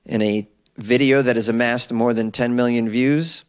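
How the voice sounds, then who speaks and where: A man's voice: mid-range voice, steady tone, moderate pace, clean tone. An American man hosting a comedy news podcast, reading odd stories with sarcastic asides and laughing at his own jokes. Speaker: podcast host. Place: small closet.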